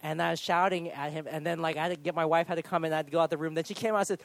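A man in his thirties preaching a sermon, telling a personal story in an animated, self-deprecating way with sudden loud outbursts. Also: fairly high pitch, racing, gravelly, few pauses, no room sound. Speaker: pastor.

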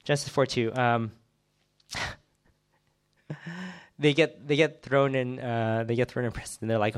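A man teaching a bible passage casually, retelling it in an animated way with many acted quotes and fillers. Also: mid-range voice, moderate pace, pauses often, clear, resonant tone.

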